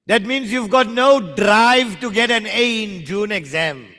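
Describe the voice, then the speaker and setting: A man's voice: sits high, unhurried, hardly any pauses, pushed and bright, in a large hall. A South African man teaching maths at a live exam workshop, joking with learners in slangy banter.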